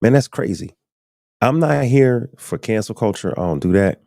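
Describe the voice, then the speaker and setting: A man's voice: on the low side, animated, moderate pace, gravelly, mellow, no echo, clean studio sound. A man hosting a live podcast stream, chatting loosely and speaking straight to his viewers. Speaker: podcast host. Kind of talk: casual live-stream commentary.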